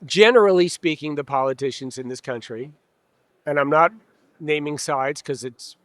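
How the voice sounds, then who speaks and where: A man's voice: fairly high pitch, normal speed, no echo. A man in a casual interview, speaking as a trade association president, candid and wry, acting out customers and dealers in little quoted asides. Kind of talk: conversational interview. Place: expo hall.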